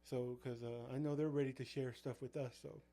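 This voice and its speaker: A man chats casually as a youth pastor, telling van stories from ministry trips. His delivery rambles, packed with fillers and false starts, in a mid-pitched everyday voice. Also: little pitch movement, fairly quick, warm tone. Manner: rambling, full of fillers and restarts. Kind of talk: casual storytelling chat.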